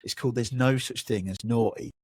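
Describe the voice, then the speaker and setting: A man in his thirties, hosting a casual podcast chat in a mid-pitched voice. He tells his stories with energy and acts out the voices of the people in them. The sound is dry and close, with no room around it. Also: a little fast, breathy edge, no room sound. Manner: animated storyteller who acts out voices. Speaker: podcast host.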